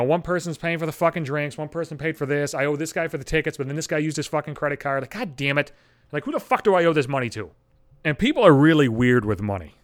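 Fast-talking, swearing man ranting. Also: on the high side, a bit bright. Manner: rambling, heavy profanity. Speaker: podcast host. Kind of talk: casual solo monologue.

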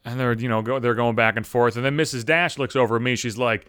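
A man's voice: mid-range voice, fast, few pauses, a bit bright, smooth, no echo, studio quality. A middle-aged man delivering a profane, exasperated comedic rant, swearing constantly. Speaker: monologue speaker.

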